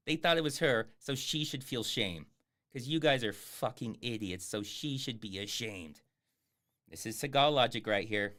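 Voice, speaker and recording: Male streamer, sarcastic running commentary, lively swooping pitch, casual swearing. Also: measured pace. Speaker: streamer reviewing a film.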